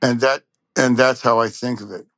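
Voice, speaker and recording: A man from Long Beach, California, a trumpet player telling lively anecdotes in a casual interview. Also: medium pitch, moderate pace, no echo. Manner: animated anecdotes, acts out quoted voices.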